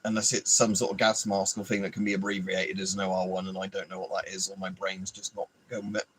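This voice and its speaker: A man's voice: low voice, monotone, quick pace, fairly bright tone, a little hiss or hum, poor audio. An Englishman hosting a casual livestream, rambling, swearing freely and answering viewers by name. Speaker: livestream host. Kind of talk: casual live chat.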